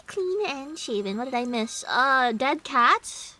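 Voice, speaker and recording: Bright, high-pitched young woman streamer. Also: measured pace, low-quality recording. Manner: breaks off narration into excitable squeaky outbursts. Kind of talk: reading a story game aloud on stream.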